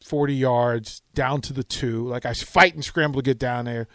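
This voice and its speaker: A middle-aged man hosting a sports radio show, telling a story with lively acted-out quotes. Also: medium pitch, moderate pace, no room sound. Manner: animated storytelling, acts out quotes. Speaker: radio host.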